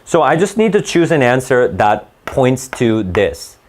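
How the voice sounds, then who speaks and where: A man's voice: medium pitch, sing-song, measured pace. A man working through reading test questions aloud as a tutor, in a casual, self-correcting way that keeps checking with "right?". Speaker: SAT tutor. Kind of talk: thinking-aloud test walkthrough.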